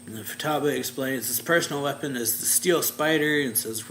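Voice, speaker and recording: Young male reaction host, bright ringing voice, rambling laid-back recap. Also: mid-range voice, brisk, slight background noise. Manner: rambling, filler-heavy, chuckling to himself. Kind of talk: casual manga chapter recap.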